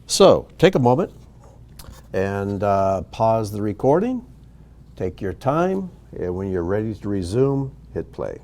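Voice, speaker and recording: A man's voice: on the low side, very animated, slow pace, a little mellow. A man teaching a recorded Hebrew reading lesson, explaining patiently with fillers and small self-corrections.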